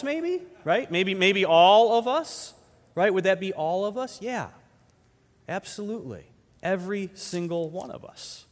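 A man preaching a conversational sermon as pastor, firing off rhetorical questions and dropping from loud emphatic peaks to slow, quiet phrases. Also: high voice. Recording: long hall reverb.

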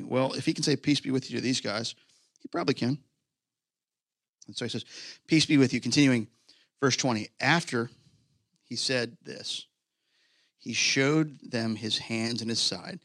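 A man preaching a sermon to a live congregation, animated and casual, swinging between excited bursts and hushed moments. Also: mid-range voice, moderate pace, pauses often, no room sound, studio quality. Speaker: pastor. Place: church hall, live congregation.

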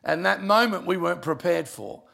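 A middle-aged pastor with a gravelly, fry-laden voice sitting a little high. He tells a sermon story with a comic touch, often sinking into quiet, emotional tones. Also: moderate pace. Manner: gravelly voice, humorous, drops quiet for emotional moments.

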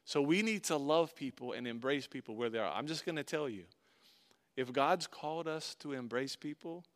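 A pastor delivering a sermon, reading scripture aloud and commenting on it, swinging between loud emphasis and hushed, quiet passages. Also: male voice, mid-range voice, normal speed.

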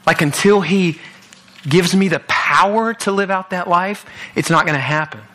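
A man's voice: high-pitched, moderate pace, bright, forceful tone. A young man giving an earnest sermon at a church youth service, often repeating himself as he restarts. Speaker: guest youth speaker.

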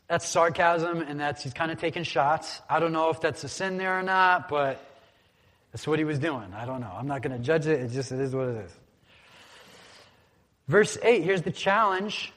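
A man's voice: on the high side, normal speed, a bit bright. A man preaching a conversational sermon in a church, calling on the congregation to repeat words after him. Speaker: pastor. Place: church sanctuary. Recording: long hall reverb.

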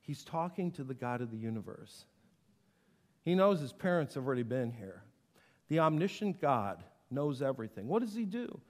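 A man preaching a sermon in an animated way, acting out the voices he quotes. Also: mid-range voice, moderate pace. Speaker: pastor. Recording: long hall reverb.

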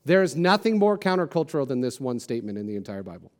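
A man's voice: mid-range voice, big pitch swings, fast talker, darkish tone. A man preaching a sermon as a pastor, casual and conversational, with self-deprecating jokes and lots of "like" and "you know".

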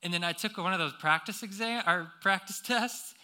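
A man's voice: high voice, normal speed, sharp tone. A young man preaching a sermon, telling a personal story with lots of fillers and restarts before turning to scripture.

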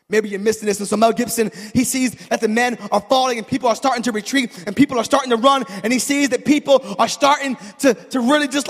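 A man preaching a sermon, telling stories in a chatty way that builds to shouted peaks and calls on the crowd for an amen. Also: high voice, steady tone, quick pace, hardly any pauses, in a large hall. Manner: storytelling, builds from chatty asides to shouted climaxes; calls for audience response.

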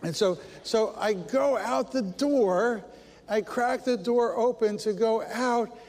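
Male preacher, middle-aged, high-pitched, humorous storyteller, long hall reverb. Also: slow. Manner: storytelling, animated, self-deprecating humor. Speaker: pastor. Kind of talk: sermon.

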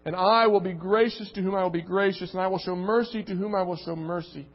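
A man's voice: high voice, fairly even intonation, fast. A man preaching a sermon and reading scripture aloud, earnest and emphatic, repeating words as he builds a point. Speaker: pastor. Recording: muffled recording with long reverb.

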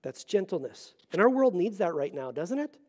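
A middle-aged man preaching a Sunday sermon in a fairly high voice. He talks earnestly and presses hard on key lines, then drops to quiet, hushed asides. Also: big pitch swings, moderate pace. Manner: earnest, swings between loud emphasis and hushed asides. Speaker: pastor.

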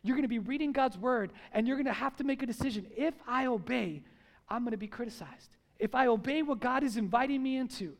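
A man preaching a sermon to his church congregation, speaking emphatically and repeating his key lines. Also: very high-pitched. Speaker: pastor. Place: church service before a congregation.

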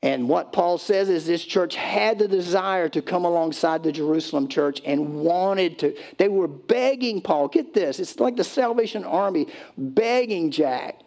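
Male pastor, slightly high voice, conversational preaching with playful acted-out voices. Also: lively intonation, a little slow, hardly any pauses, darkish tone. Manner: conversational preaching, acts out pleading voices, loose restarts. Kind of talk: sermon.

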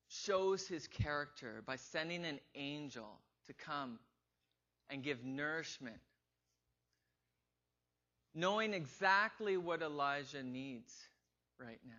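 A man's voice: fairly high pitch, bright, forceful tone. A man preaching a conversational sermon in a church, asking the congregation questions and acting out quoted inner voices with rising emphasis. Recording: slightly dull lo-fi recording.

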